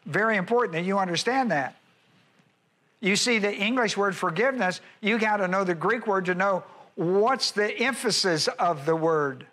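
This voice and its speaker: High-voiced pastor repeating phrases. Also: male voice, sharp tone. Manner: repeats key phrases for emphasis; slows and stresses words. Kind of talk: Bible study sermon.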